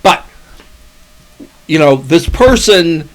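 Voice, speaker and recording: A man's voice: a little high, lively intonation, slow. A middle-aged man co-hosting a podcast, telling a long story in casual chat, swearing often and restarting his sentences. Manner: profane, rambling storytelling with restarts. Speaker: podcast co-host.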